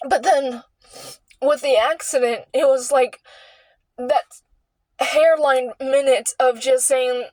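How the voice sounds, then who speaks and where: A young woman speaks in a high voice, slowly and earnestly, as she shares a personal story. She sighs and breaks off mid-phrase as she searches for words. The sound is dry and close, with no room echo. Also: steady tone, a little mellow. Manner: earnest and heartfelt, with halting restarts and sighs. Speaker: vlogger sharing a personal story. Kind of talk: candid personal monologue.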